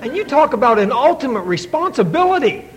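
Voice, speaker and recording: A man's voice: very high voice, sing-song, fairly quick, a faint crowd, poor audio. A middle-aged man telling his own story to a recovery meeting, in an earnest, folksy way with many restarts. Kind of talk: personal testimony to an audience.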